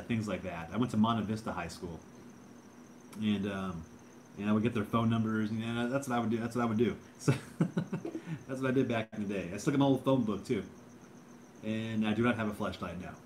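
A man's voice: fairly low pitch, a little hiss or hum. A man hosting a casual livestream, rambling laid-back chat and thanking viewers, says bro and dude a lot while drinking beer. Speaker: livestream host.

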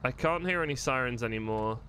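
A man talking casually to his stream audience while he plays, thinking aloud and laughing at his own mistakes. His voice has a mid-range pitch, with a light bed of noise underneath. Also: fairly quick, bright, forceful tone. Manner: chatty, self-deprecating, thinking aloud. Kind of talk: casual commentary while playing.

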